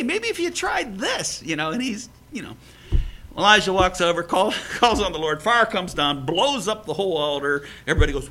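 A man preaching a sermon in a lively way, acting out scripture quotes with chuckles. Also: a little high, vocal fry. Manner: animated, acts out biblical quotes with laughs. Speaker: pastor.

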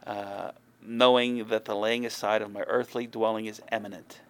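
A man's voice: lowish voice, level tone, moderate pace, fairly bright tone. A man preaching a sermon in an earnest, conversational way, with folksy asides. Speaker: pastor.

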